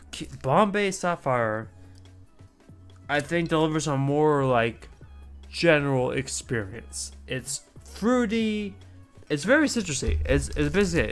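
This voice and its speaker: A man's voice: fairly high pitch, fairly bright tone, smooth. A man streaming a casual chat, talking in a rambling, chatty way with asides and mild swearing.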